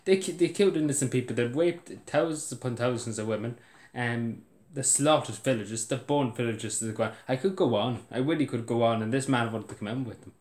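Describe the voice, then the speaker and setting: An indignant Irish man rants about politics in a mid-pitched voice, repeating himself and laughing in disbelief. His voice carries a clear room echo. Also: brisk, a little mellow. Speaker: video blogger. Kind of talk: political rant to camera. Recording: roomy echo.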